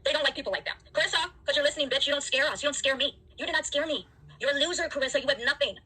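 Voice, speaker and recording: A woman in a played clip rants defiantly and taunts someone who is listening. Her voice is high and sharp. She talks at a very fast clip. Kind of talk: confrontational livestream rant.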